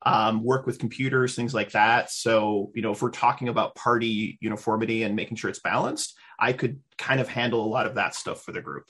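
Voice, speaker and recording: A man's voice: lowish voice, fairly even intonation, fairly quick, few pauses, fairly bright tone, slightly rough. A man chatting casually as a tabletop player, talking hesitantly with many ums and restarts. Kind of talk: casual chat.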